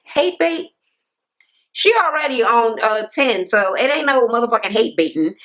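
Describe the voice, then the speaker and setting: A woman giving a loose, animated, profane recap of a reality TV episode, with lots of ums and uhs. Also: fairly high pitch, moderate pace. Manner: animated, profane, jumps into quoting people. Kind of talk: casual recap commentary.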